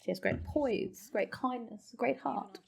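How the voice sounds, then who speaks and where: A woman hosting a reaction video, exclaiming, swearing and laughing through quick asides. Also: fairly high pitch, creaky, darkish tone. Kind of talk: casual reaction commentary.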